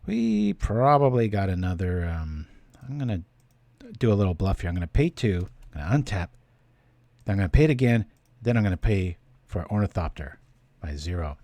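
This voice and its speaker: A man's voice: sits low, sing-song, brisk, dark tone, no echo. A man giving casual, chatty commentary while he plays a card game on stream, thinking aloud and thanking viewers.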